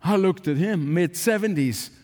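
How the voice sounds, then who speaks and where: A man's voice: high voice, moderate pace, a little mellow. An older man preaching a sermon, emphatic, repeating phrases for stress. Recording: long hall reverb.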